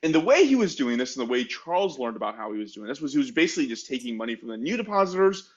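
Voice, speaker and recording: A man co-hosting a history podcast, explaining the story casually with plenty of "like" fillers and self-mocking asides. His voice is medium-pitched. The sound is a bit dull and muffled. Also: sing-song, rapid-fire. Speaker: podcast co-host.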